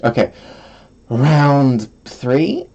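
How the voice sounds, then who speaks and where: A man's voice: mid-range voice, big pitch swings, extremely slow, a little mellow, lo-fi sound. A man streaming from home, chatting casually in a rambling, self-deprecating way and often breaking into giggles. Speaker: vtuber streamer. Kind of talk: casual solo stream chat.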